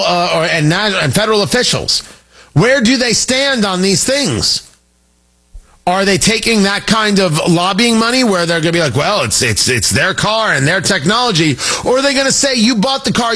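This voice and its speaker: A middle-aged man hosting a talk radio show, animated and jokey, wandering off on tangents. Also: sits high, normal speed. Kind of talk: opinionated talk radio monologue.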